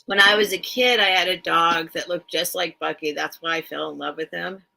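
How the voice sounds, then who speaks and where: A middle-aged woman chats her way through a home live-stream sale, rambling and filling gaps with ums. Her voice sits low but rings bright and forward. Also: fairly even intonation, moderate pace, creaky, poor audio. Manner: chatty, rambling, many filler ums. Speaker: online vintage seller. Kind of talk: casual live-stream sales chat.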